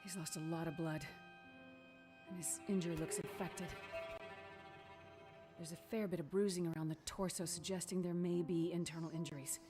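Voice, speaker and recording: A woman voicing a composed doctor in a game cutscene, assessing injuries in measured, clinical tones. Soft game music sits faintly behind her. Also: on the low side, fairly even intonation, lightly acted. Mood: calm. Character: calm, clinical female doctor under pressure. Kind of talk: video game cutscene acting.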